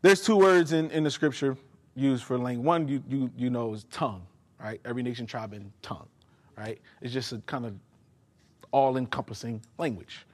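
A man's voice: medium pitch, moderate pace. A man preaching a sermon, emphatic and speaking directly to his congregation in a church. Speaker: pastor. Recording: long hall reverb.

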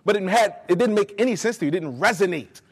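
A man's voice: high-pitched, expressive, quick pace, husky. A man preaching a sermon, emphatic and speaking directly to his congregation in a church. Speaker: pastor. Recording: long hall reverb.

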